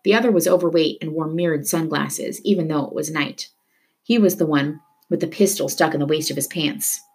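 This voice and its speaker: Low-voiced woman reading a novel aloud. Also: fairly quick. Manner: steady storytelling. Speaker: reader.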